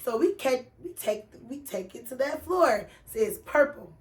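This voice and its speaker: High-voiced woman telling a profane story. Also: a little slow. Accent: Texas. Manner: animated, profane, slangy, acts out quoted voices. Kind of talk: casual storytelling.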